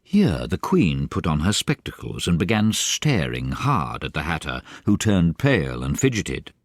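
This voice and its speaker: A man with an extremely deep voice narrates a classic children's story with plenty of lift and fall in his delivery. The sound is dry and close. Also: measured pace, dry recording. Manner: animated, varied storytelling. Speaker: audiobook narrator.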